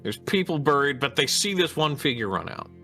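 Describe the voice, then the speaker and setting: A Midwestern American man rambles as a guest on a casual podcast, hesitant and restarting often. His fairly high voice swings widely in pitch, and he talks briskly with a sharp tone over soft background music.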